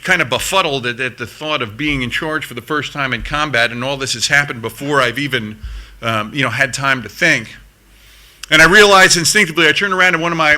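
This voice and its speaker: A man's voice: medium pitch, sharp tone. A middle-aged man from the United States, a veteran speaking at a conference, telling a combat story in an earnest voice and repeating words as his pace picks up. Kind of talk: storytelling speech to an audience. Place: conference hall stage.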